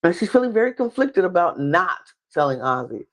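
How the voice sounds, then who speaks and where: A woman recapping a reality show in casual talk. She is animated, laughs often, and acts out other people's lines with big jumps in pitch. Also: fairly quick. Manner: laughs often while talking. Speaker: podcast guest.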